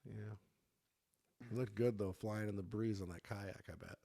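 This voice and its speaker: A man's voice: lowish voice, unhurried, creaky, dark tone. A man hosting a podcast as a fitness coach, chatting loosely with laughter and swearing. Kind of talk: casual chat.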